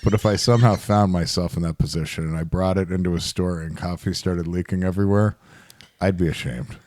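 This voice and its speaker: Deep-voiced young man, dry and teasing. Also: fairly even intonation, a little fast, a little mellow, no room sound. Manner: dry, teasing, leading questions. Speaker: podcast co-host. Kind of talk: casual comedic chat.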